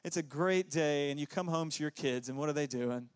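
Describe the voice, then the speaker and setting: A man preaching a relaxed, conversational sermon on a church stage. His voice sits a little high for a man, and he talks in loose, rambling asides with plenty of fillers. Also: a little fast, smooth. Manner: conversational, many fillers, jumps into high put-on voices for quotes. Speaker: pastor. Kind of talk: casual sermon.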